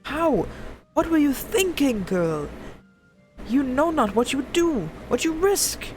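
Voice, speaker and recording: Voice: mid-range voice, normal speed, creaky, soft background music, natural voice, poor audio. A streamer voicing a stern male conjurer mentor in grave, formal tones, reading video game dialogue aloud. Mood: angry.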